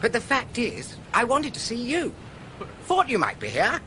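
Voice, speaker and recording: A flustered posh young son. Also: male voice, extremely high pitch, huge pitch swings, normal speed, bright, forceful tone, slight background noise, heavily acted. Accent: upper-class English. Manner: gushing, fidgety slang. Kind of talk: radio drama acting.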